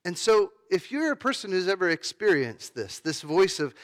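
A man's voice: on the high side, big pitch swings, moderate pace, hardly any pauses, a bit bright. A man giving a sermon as pastor, talking in a conversational way with fillers and restarts.

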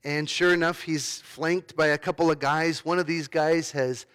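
A man's voice: a little high, fairly even intonation, normal speed, a bit bright, clear, resonant tone. A man giving a sermon as pastor, talking in a conversational way with fillers and restarts.

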